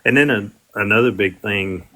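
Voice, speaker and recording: Bright-voiced man rambling on a livestream. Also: fairly low pitch, normal speed. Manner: rambling, with frequent fillers and restarts. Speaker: livestream host. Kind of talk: casual livestream talk.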